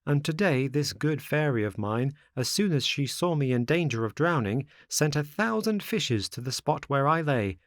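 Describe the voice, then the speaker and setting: Man voicing impish wooden puppet boy, raised voice, lively mocking sing-song, storybook reading. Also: a little high, normal speed, few pauses, dry recording, clean studio sound, voice pushed up. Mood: cheeky.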